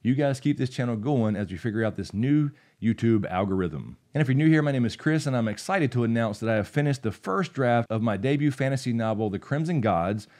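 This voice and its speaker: A man's voice: medium pitch, expressive, fairly quick, few pauses, darkish tone. A young man hosting a writing channel, explaining dialogue punctuation in a casual, upbeat way and reading short example passages aloud. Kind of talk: instructional video talk.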